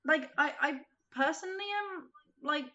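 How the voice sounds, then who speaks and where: Bright-voiced woman telling an animated story. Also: high voice, moderate pace, dull audio. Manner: animated, acts out quotes, frequent "like". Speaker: podcast guest, games writer. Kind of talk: casual chat, storytelling.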